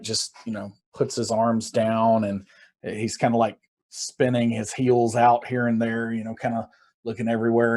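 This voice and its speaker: A man's voice: medium pitch, darkish tone. A man playing a tabletop game, describing his character's actions hesitantly with many fillers. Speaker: player.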